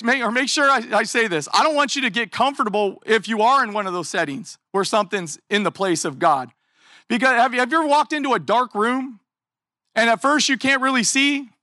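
Male preacher, bright tone, dry close mic; lively, talky sermon with many questions. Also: very high-pitched, dry recording. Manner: animated, conversational preaching with rhetorical questions. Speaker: pastor.

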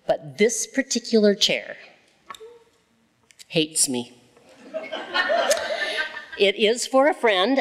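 A woman teaching a Bible study in a conversational way, repeating phrases for emphasis and slowing down to stress key lines. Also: lowish voice. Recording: long reverb, as in a hall.

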